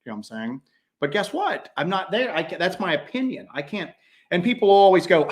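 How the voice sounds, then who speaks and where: A man co-hosting a live chat show, rambling along in a slightly high voice. He keeps breaking into quoted voices to act out his stories. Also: sing-song, normal speed. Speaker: co-host. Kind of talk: casual livestream chat.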